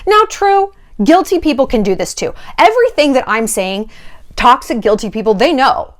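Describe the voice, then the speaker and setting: Lively, sarcastic woman vlogger. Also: on the high side, moderate pace. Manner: animated, sarcastic, swears freely; acts out quoted voices. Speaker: dating advice vlogger. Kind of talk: casual commentary vlog.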